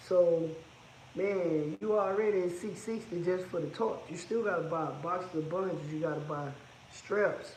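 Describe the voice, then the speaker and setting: A man's voice: high voice, a little mellow, reverberant, slight background noise, poor audio. A man who owns a trucking business, talking casually and bluntly about its costs, repeating his points for emphasis. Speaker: trucking business owner giving advice. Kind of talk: casual advice monologue.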